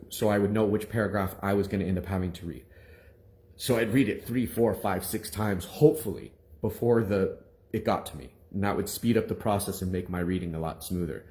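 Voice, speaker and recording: A minister with a low-pitched voice shares a personal testimony with his congregation. His storytelling is animated and rambling, full of restarts.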